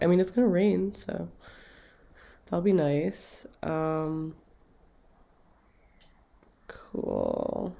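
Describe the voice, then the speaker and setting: A young woman hosting a casual radio show, stuffy with a cold, talking with vocal fry and rambling with lots of fillers. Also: low voice, warm tone. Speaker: radio host. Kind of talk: casual chat.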